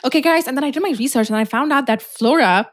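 A young woman with a somewhat high voice chats excitably as a podcast co-host. She talks fast and loose and swears freely. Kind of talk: casual chat.

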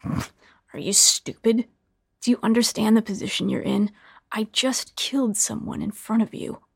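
Woman putting on a low, breathy murderous man. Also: unhurried, heavily acted. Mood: scornful. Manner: low hushed breathy menace. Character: cruel murderous adult man, menacing and cold.

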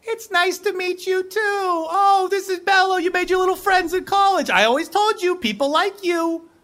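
A man voicing a doting, fussy mother who has become a lawn flamingo, in a shrill, gushing sing-song. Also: moderate pace, sharp tone.

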